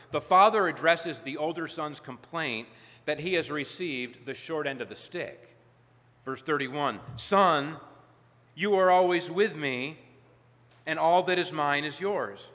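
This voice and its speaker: A man preaching a sermon as pastor, emphatic, building to loud peaks and dropping low. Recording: long hall reverb.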